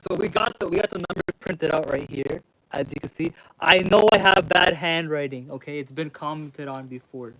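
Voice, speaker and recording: Higher-voiced man reading aloud haltingly. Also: sharp tone, no echo. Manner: reads haltingly, chatting with viewers. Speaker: streamer reading a book aloud. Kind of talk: casual streaming chat and reading aloud. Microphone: mic crackles when he leans in.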